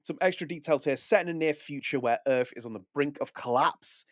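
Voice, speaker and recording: A man's voice: a little high, fairly quick, no room sound, studio quality. A man hosting a podcast, talking casually, correcting himself and reading press text aloud. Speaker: podcast host.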